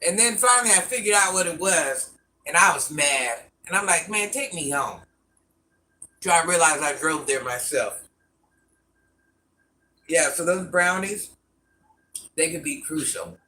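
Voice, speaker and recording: Speaking low and sharp, this older mukbang streamer stays animated yet measured, leaving long pauses as she eats, savors her food and chats casually with viewers on a live stream. Faint background noise comes through a distant mic.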